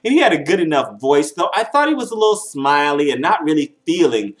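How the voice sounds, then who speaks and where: A man's voice: fairly high pitch, very animated, a little fast, reverberant. A man giving a casual, chatty recap of talent show auditions, with mock-shocked asides. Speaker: show commentator.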